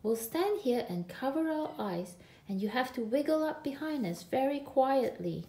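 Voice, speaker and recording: Lady doing a clever little wolf cub, lilting, a bit high, slow, echoey. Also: big pitch swings, warm tone. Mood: cheerful. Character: young wolf cub, big brother, clever and fed up. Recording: echoey room.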